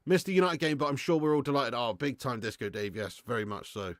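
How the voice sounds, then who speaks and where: A man's voice: medium pitch, quick pace, hardly any pauses, no echo, studio quality. A man in his thirties hosting a live football watch-along, chatting casually, swearing freely and answering viewers' comments. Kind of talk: casual live stream chat.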